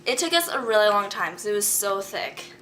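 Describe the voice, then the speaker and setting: A woman's voice: medium pitch, animated, a little fast, fairly bright tone. A teenage girl in an amateur school skit, talking dramatically and complaining, full of "like". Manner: dramatic, complaining, filler "like" talk. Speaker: student explorer in a school skit. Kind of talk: amateur skit, casual chat.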